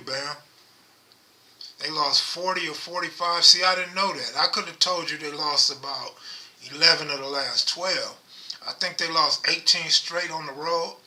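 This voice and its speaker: A middle-aged man hosting a casual livestream, talking low and rambling close to his microphone. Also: sharp tone. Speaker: livestream host. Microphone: microphone held close.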